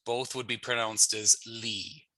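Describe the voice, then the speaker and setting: A man with a Canadian English accent teaching a pronunciation lesson in a relaxed, explanatory way, sometimes laughing at himself. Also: mid-range voice, measured pace, dry recording. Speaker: language teacher.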